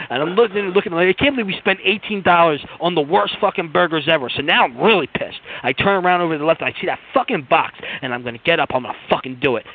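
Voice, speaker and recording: A man's voice: fairly high pitch, slight background noise. A man hosting a podcast, telling a heated story in a casual, profane rant, often repeating his words. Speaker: podcast host. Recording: tinny phone-like sound.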